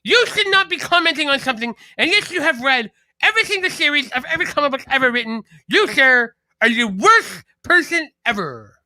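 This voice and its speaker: A man's voice: very high voice, lively intonation, fairly quick, sharp tone, no echo, pitched above the performer's own voice, exaggerated voice. A man voicing a pompous male comic-book know-it-all who lectures with mock politeness. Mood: indignant.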